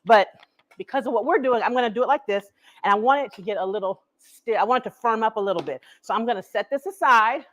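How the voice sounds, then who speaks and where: A woman's voice: on the high side, fast talker. A woman, hosting a live cooking stream from her home kitchen, chatty and laughing as she talks straight to viewers. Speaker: cooking show host. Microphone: camera she set up herself.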